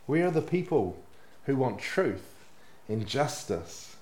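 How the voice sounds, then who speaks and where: A man's voice: sing-song, takes it slowly. Earnest man preaching in an echoey room. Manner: earnest, drops to soft low tones at phrase ends. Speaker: pastor. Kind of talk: sermon.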